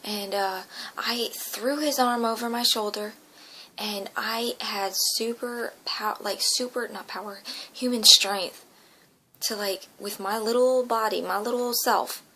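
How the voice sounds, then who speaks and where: Gravelly, bright-voiced woman telling a dream. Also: a little high, fairly even intonation, takes it slowly, poor audio. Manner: emotional, slips into whispers. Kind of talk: earnest personal testimony.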